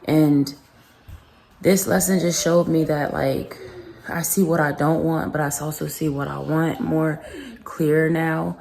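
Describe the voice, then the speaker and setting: Low-voiced woman vlogging earnestly. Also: little pitch movement, creaky, darkish tone. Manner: earnest, reflective, pauses and restarts. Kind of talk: emotional personal vlog.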